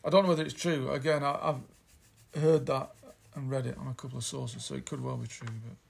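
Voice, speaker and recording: A man's voice: medium pitch, steady tone, a little fast, gravelly, slightly rough. A man hosting a casual album chat, rambling and hesitant as he reads out lyrics. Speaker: podcast host reviewing an album.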